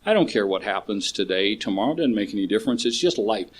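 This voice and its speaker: A man's voice: fairly low pitch, lively intonation, quick pace, slightly rough. An older man with eight grandchildren, sharing his story at a recovery meeting in a blunt, storytelling way with casual swearing.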